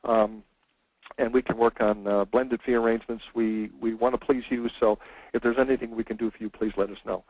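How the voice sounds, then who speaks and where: A man's voice: medium pitch, fairly even intonation, brisk, a little mellow, low-quality recording. A man, a lawyer presenting a webinar lecture, speaking conversationally with frequent "uh" and "um" fillers.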